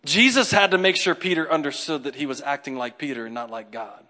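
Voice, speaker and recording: Bright, high-voiced preaching man. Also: fairly quick. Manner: animated preaching, swinging from hushed asides to loud, excited peaks; acts out quoted voices with comic exaggeration. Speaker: pastor. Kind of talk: sermon.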